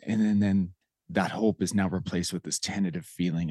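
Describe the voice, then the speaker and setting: Deep voiced host guy, heartfelt and reflective, dry mic. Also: fairly even intonation, normal speed, mellow, no echo. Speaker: podcast host, educator. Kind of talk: casual interview.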